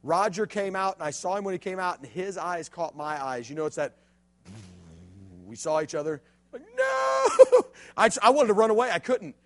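Man, youth pastor, very high voice, hushed-to-loud sermon delivery. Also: animated, a little fast. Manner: storytelling preacher, swings from hushed to loud and emphatic.

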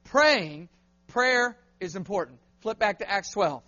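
A man preaches an animated call-and-response sermon in a church. The recording sounds a little muffled. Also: high voice, takes it slowly. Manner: animated, asks the crowd to answer back.

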